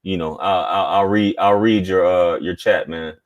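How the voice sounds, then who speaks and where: A man's voice: sits low, steady tone, normal speed. A man hosting a casual live stream, talking in a laid-back, slangy way and reading viewer chats aloud.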